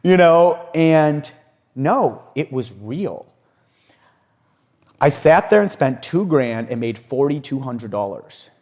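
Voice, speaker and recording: Man, young adult, fairly high pitch, lively, profane, laughs a lot, casual storytelling. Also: slow. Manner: animated, profane, laughs often, acts out quotes. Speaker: podcast guest, entrepreneur.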